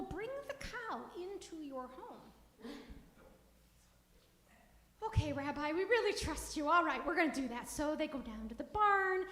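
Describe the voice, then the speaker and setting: A woman with a high voice tells a children's story at a service, switching into playful character voices. Her voice carries through a large reverberant hall. She keeps it warm and animated for young listeners. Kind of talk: children's story told aloud. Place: synagogue sanctuary. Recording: echoey hall.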